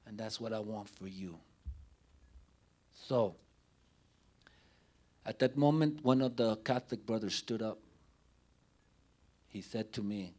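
A man speaking as a panelist at a public forum, telling a story in a slow, measured way with pauses. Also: lowish voice, darkish tone. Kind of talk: public talk to an audience.

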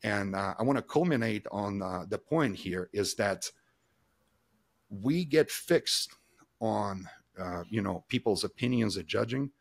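A man's voice: on the low side, expressive, a little slow, gravelly. A man speaking as a guest expert in a podcast interview, explaining at length in loose, emphatic run-on sentences with frequent restarts. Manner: emphatic, acts out little examples in quoted voices. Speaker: guest expert on body language.

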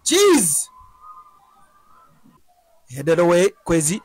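A man giving excited live football commentary, breaking into shouts at chances and goals. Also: extremely high pitch, measured pace, pauses often, no echo, rough recording.

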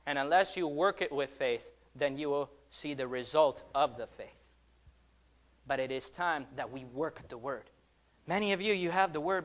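A young man preaching a fervent sermon, rising loud on calls and dropping soft between them. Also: a little high, moderate pace.

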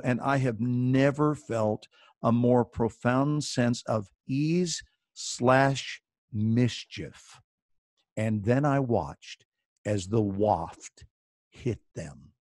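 A man's voice: mid-range voice, darkish tone, no echo, studio quality. A middle-aged man, an actor, telling a playful, theatrical story as a guest on a video call.

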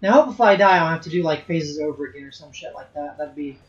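A man's voice: on the high side, quick pace, lo-fi sound. A man giving casual gameplay commentary, thinking aloud and swearing at the game as he plays. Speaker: let's play host.

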